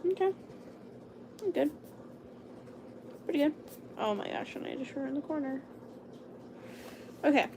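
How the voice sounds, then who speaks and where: A young livestreamer chats casually with her viewers while drawing, talking herself through every stroke and occasionally dropping into a hushed whisper. Her gravelly voice rises and falls in pitch, and she speaks unhurriedly with frequent pauses. A steady layer of noise runs beneath the home recording.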